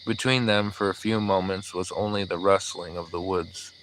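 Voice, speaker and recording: A man narrating an audiobook in a measured, even storytelling manner. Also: sits low, a little hiss or hum, low-quality recording. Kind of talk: scripted narration.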